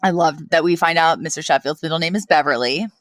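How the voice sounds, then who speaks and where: A woman co-hosting a casual podcast, recapping a sitcom in a lively way, with quick restarts and frequent laughs. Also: low voice, no room sound. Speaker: podcast co-host.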